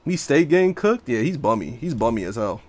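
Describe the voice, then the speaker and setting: A male livestreamer with a mid-range voice talks a little fast while streaming a game. His casual stream chatter is brash, slangy, and animated.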